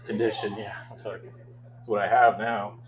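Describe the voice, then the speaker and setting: A man's voice: fairly low pitch, flat delivery, normal speed, background noise. Young male stand-up comic, wry. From Canada. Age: 20s. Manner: self-deprecating, wry storytelling with frequent chuckles. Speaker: stand-up comedian. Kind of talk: stand-up comedy set. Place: comedy club stage.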